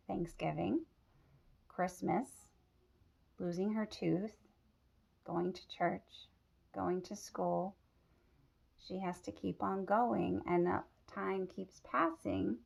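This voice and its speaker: A woman reading a picture book aloud to children, teacherly and pausing to ask them questions. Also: on the low side, steady tone, creaky, a little mellow, highs cut off. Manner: teacherly, asks the listeners questions. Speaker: storybook reader.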